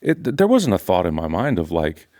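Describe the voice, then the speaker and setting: A man's voice: sits low, wildly swooping pitch, a little fast, mellow. An older man, a pastor, teaching from scripture in an earnest, emphatic conversational way. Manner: earnest, emphatic, repeats phrases for stress.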